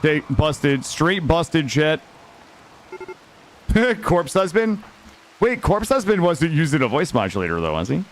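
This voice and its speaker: A man streaming a game live, chatting in a loose, slangy way and swearing freely whenever things go wrong. His voice sits a bit high and swings widely in pitch. Faint rain patters in the background. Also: big pitch swings, a little slow, long pauses, a little hiss or hum.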